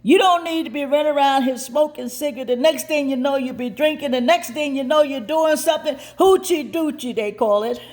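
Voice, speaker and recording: A woman's voice: high-pitched, a little fast, few pauses, a little mellow, lightly acted. A woman voicing a stern old-time mother scolding her child in a folksy, firm way. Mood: lecturing.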